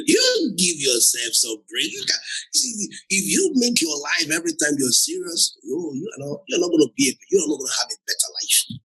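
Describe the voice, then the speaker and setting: A man's voice: fairly high pitch, sharp tone, breathy edge, rough recording. A man preaching a sermon who laughs often and repeats phrases for emphasis, with a Nigerian accent. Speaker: pastor.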